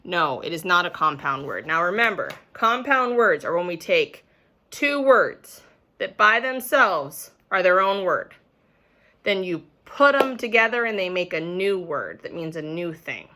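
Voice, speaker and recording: A woman's voice: mid-range voice, animated, measured pace, bright, forceful tone. A young woman teaching a remote phonics lesson to young children, patiently sounding out words, recorded on a camera mic at home.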